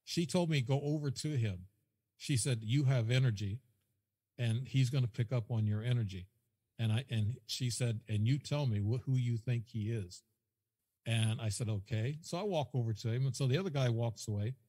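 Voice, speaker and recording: Rambling male guest storyteller, husky, long echo. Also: medium pitch, warm tone. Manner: rambling, repeats himself, quotes dialogue. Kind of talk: casual storytelling.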